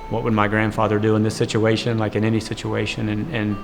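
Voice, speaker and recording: A middle-aged father speaking reflectively and haltingly about lessons from his father and grandfather. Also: lowish voice, monotone, vocal fry. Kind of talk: interview. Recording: long reverb, as if in a hall. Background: music.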